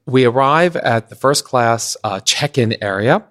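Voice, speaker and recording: A middle-aged man from Pennsylvania, a guest on a podcast, telling a long anecdote in an animated way and acting out what others said. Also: mid-range voice, unhurried. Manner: animated, acts out others' lines in shifting voices. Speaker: podcast guest, event designer. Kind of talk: anecdotal storytelling in conversation.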